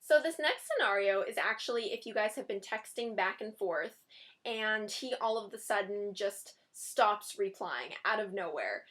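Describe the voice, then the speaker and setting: A woman's voice: medium pitch, lively intonation, normal speed, a bit bright. A young woman giving dating advice in a casual, chatty vlog, often giggling and reading out sample text messages.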